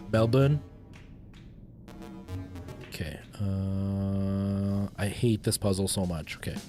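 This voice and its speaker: A man chatting casually on a livestream while playing a game, rambling and restarting his sentences and breaking into excited outbursts. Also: low-pitched, extremely slow, pauses often, soft background music. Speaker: game streamer.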